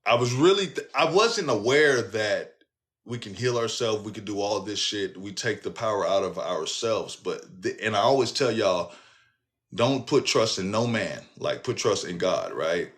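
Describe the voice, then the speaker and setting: A man hosting a casual talk show, telling a personal story in an animated, profane way and speaking straight to his listeners. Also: lowish voice, normal speed. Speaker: host.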